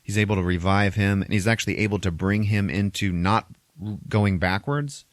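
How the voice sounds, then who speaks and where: A man hosting a podcast, recapping a movie in a casual, animated way, swearing freely and laughing often. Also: fairly low pitch, normal speed, no room sound. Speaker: podcast host.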